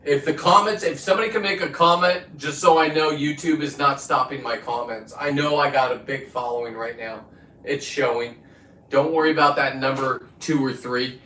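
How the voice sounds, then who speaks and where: A man's voice: medium pitch, moderate pace, bright, forceful tone, a little hiss or hum. A man hosting his own livestream, ranting in a profane, combative, preachy way into a phone. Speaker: livestream host. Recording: echoey room, distant from the mic.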